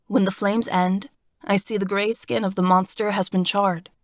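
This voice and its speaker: A woman's voice: medium pitch, level tone, moderate pace, no room sound, clean studio sound. Woman narrating a fantasy audiobook.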